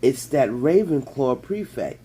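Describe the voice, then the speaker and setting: A man's voice: mid-range voice, sing-song, measured pace, mellow, slight background noise. A man voicing a cheerful, giggly young girl sharing gossip in a book reading. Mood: gossipy.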